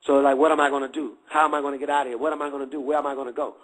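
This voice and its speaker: A man's voice: medium pitch, level tone, racing, poor audio. A middle-aged man giving a candid testimony in street slang, checking again and again that listeners follow.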